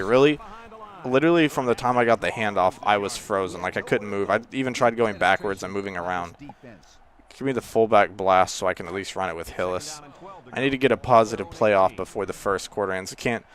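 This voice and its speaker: Excitable man rambling over gameplay. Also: fairly low pitch. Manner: rambling, exclaims loudly at plays. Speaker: gaming channel host. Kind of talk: casual gameplay commentary.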